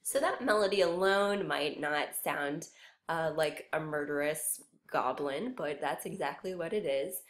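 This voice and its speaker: A woman's voice: low voice, measured pace. A woman teaching a music lesson, patiently explaining each point step by step. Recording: roomy echo.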